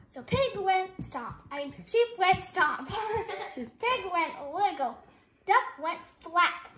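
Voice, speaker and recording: A woman's voice: very high-pitched, very animated, slow, fairly bright tone, echoey room, a little hiss or hum. A woman reading a picture book aloud at home, playful and laughing often as she reads.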